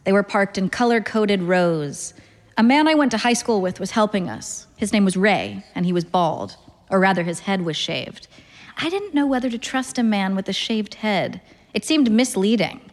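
A woman in her thirties reading a literary short story aloud in a dry, deadpan, wry manner. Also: medium pitch, in a large hall. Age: 30s. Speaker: narrator.

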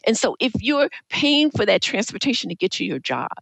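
A middle-aged woman speaking as a guest on a panel discussion, earnest and emphatic, drawing out key words slowly. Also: a little high, big pitch swings, creaky, a bit bright, no echo, poor audio. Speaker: guest commentator.

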